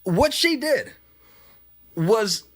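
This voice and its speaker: A man's voice: high voice, sing-song, extremely slow. A man co-hosting a podcast, chatting casually about a reality show, laughing often and acting out quotes. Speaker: podcast co-host. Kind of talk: casual reality TV recap chat.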